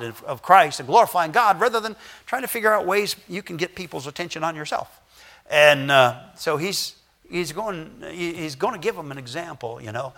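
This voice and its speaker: An older man preaches a Sunday sermon in a loose, folksy style, stopping and restarting his sentences as he goes. His voice has a bright, forceful edge at a middle pitch. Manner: acts out children's voices in anecdotes. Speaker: pastor.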